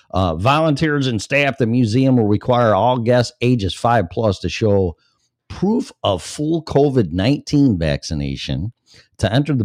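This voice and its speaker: Low-voiced man ranting sarcastically. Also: a little mellow, no echo, studio quality. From Illinois, US. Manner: sarcastic, profane, blunt. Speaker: podcast host. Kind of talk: reading news with ranting commentary.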